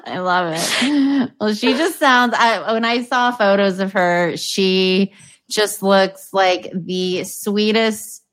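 A woman's voice: medium pitch, slow pace. Enthusiastic woman podcast co-host from Oklahoma. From Oklahoma, USA. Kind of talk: casual chat.

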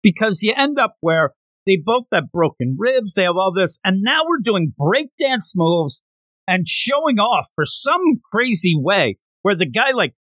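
A man hosting a podcast, recapping a comic in an animated, rambling casual chat. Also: high voice, unhurried, no room sound. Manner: animated, rambling retelling with lots of fillers. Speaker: podcast host.

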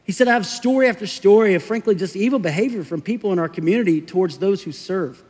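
A middle-aged man preaching a sermon as pastor, telling stories in a casual, conversational way with quick acted asides. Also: sits high, darkish tone. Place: church sanctuary. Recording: long hall reverb.

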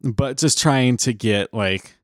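A man co-hosting a podcast in casual chat, relaxed, giving short agreeing replies before explaining his own hobbies. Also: medium pitch, slow pace, no echo, studio quality. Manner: relaxed, brief agreeing replies, laughs along. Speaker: podcast co-host.

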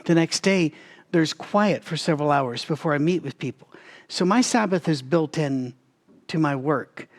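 A man leading a Bible study, talking straight to his listeners in a conversational, animated way with frequent restarts. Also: a little high, moderate pace.

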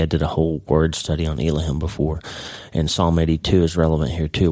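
A man from Oklahoma giving earnest devotional Bible teaching on his podcast, slowing down to stress key phrases. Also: sits low, warm tone, no echo. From Oklahoma, United States. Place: ranch.

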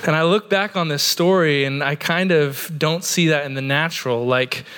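A man's voice: fairly high pitch, moderate pace, a bit bright. Earnest conversational pastor, man. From Oregon, USA. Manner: conversational, earnest, with frequent "like" fillers. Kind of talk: sermon. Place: church sanctuary.

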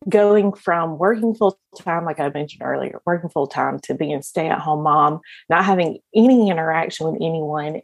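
Woman podcast guest, low-ish gravelly voice, unhurried, chatty, laughs a lot. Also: no echo. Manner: laughs often while talking; rambling, with many fillers and restarts. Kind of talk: casual interview storytelling.

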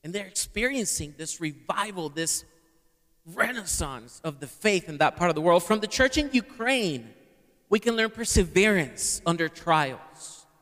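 A man's voice: high-pitched, animated, measured pace, fairly bright tone. A man preaching a sermon to a live congregation and having them repeat words back. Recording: long hall reverb.

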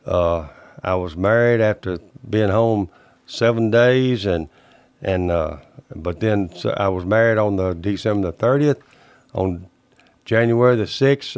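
A man, telling his memories in a folksy, halting way as an interview guest. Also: lowish voice, smooth, no room sound. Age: 80s. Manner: plainspoken, folksy, halting storyteller. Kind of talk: recounting personal memories.

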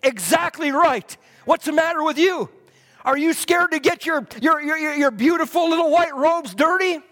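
A man preaching a fervent sermon in a church, repeating his lines and swinging from loud to hushed. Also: very high voice, moderate pace. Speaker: pastor. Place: church hall. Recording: long hall reverb.

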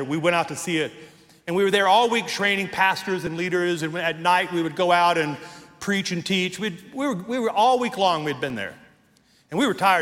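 A man's voice: sits high, fairly bright tone, in a large hall. A man preaching a sermon as pastor, telling a story and then leading prayer, from Texas. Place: church sanctuary.

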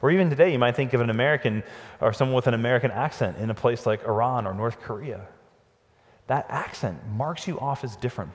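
A man's voice: medium pitch, a little mellow. A pastor delivering an earnest, emphatic Sunday sermon, his voice rising and dropping for emphasis. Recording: long hall reverb.

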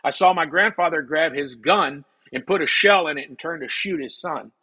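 Guest actor, husky male voice, lively storyteller who acts out the people he quotes. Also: fairly high pitch, normal speed, poor audio. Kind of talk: storytelling in conversation.

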